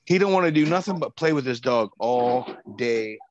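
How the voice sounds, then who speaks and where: A man's voice: medium pitch, animated, moderate pace, highs cut off. A slightly tipsy man chatting casually, rambling and restarting his sentences. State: a little tipsy. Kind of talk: casual chat.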